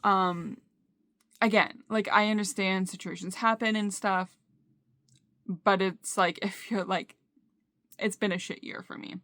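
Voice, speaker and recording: Candid woman vlogging, halting and dry. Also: medium pitch, fairly even intonation, a bit bright, dry recording. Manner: halting, frequent fillers and restarts. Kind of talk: candid personal video diary. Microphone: phone camera.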